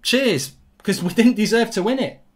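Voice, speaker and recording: A man's voice: sits high, moderate pace. A middle-aged English man giving a blunt, sweary live reaction to a football match.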